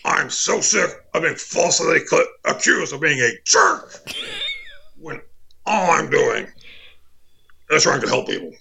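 A man's voice: a little high, expressive, unhurried, vocal fry, pauses often, husky, pitched above the performer's own voice, heavily acted. A man doing an impression of a ranting male conspiracy radio host, with a slight Texas twang. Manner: shouting bombastic rant with slight Texas twang.

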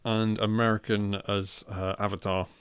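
A man's voice: on the low side, level tone, normal speed, a bit bright, smooth, no echo. A man, co-hosting a casual podcast about films, chatty and amused, often restarting his sentences. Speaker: podcast co-host. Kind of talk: casual film chat.

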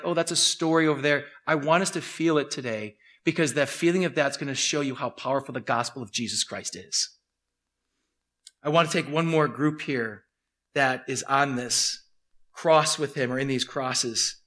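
Animated male pastor, high voice, vivid storytelling sermon. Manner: animated, acting out scenes.

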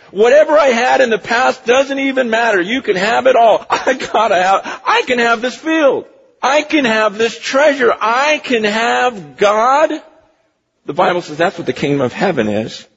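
Impassioned husky-voiced male pastor preaching. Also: very high voice. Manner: impassioned, swings from hushed to near-shouting. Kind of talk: sermon. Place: church sanctuary. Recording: lo-fi recording with long hall reverb.

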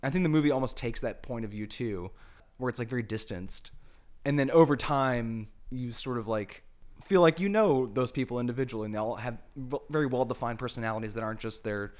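A man's voice: medium pitch, fairly quick, darkish tone. American man musing over a film. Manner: thoughtful, many "like" fillers. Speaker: podcast co-host. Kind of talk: casual film discussion.

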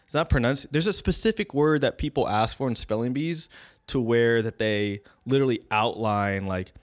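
A man's voice: medium pitch, moderate pace, dry recording, studio quality. A young man co-hosting a casual podcast chat, rambling loosely and searching for words. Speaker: podcast co-host.

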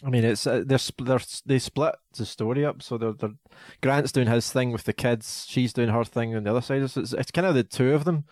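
A man's voice: mid-range voice, a little fast, darkish tone, no room sound, clean studio sound. A man, co-hosting a casual film chat, enthusiastic and laughing often. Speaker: podcast co-host.

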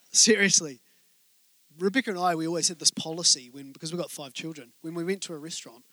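A man's voice: high-pitched, bright, forceful tone, no room sound. A middle-aged man preaching a sermon to a congregation, telling a story with humor and asides to the listeners. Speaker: pastor. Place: church hall with congregation.

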